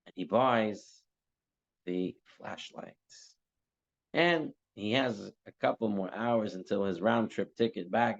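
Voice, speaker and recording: A man teaching a religious class, telling a parable with lively, acted-out dialogue before drawing the lesson. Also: medium pitch. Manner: animated storytelling, acting out characters' lines. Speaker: teacher giving a Torah class. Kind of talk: storytelling sermon. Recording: dull lo-fi class recording.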